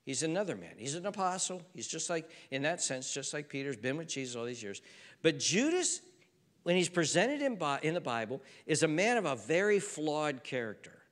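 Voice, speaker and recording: A man's voice: fairly high pitch, sing-song, moderate pace. A man preaching a sermon in an earnest, conversational way, often repeating himself for emphasis. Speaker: pastor. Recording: reverberant hall.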